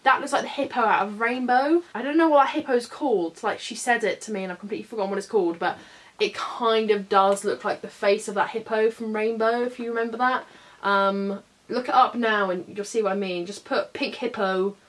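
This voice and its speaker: A young woman with a British English accent chatting casually through a clothing try-on haul, gushing and filling her talk with "like" and "um". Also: on the high side. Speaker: beauty vlogger.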